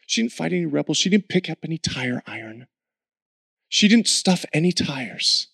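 High-voiced man telling a missionary story. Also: creaky, breathy edge, no room sound, studio quality. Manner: animated storyteller who laughs often, then slow earnest prayer. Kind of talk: testimony story ending in prayer.

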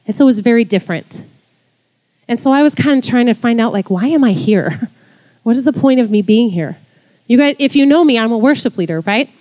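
Excited woman preaching, tells her story all animated, voice kinda high. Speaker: worship leader. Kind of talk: sermon testimony.

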